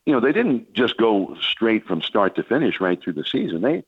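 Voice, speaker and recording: A man's voice: on the low side, sing-song, normal speed, slightly rough, no room sound, narrow, tinny audio. An older man, a veteran baseball broadcaster, telling long rambling stories on a sports talk radio show. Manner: rambling anecdotal storytelling with many restarts and fillers.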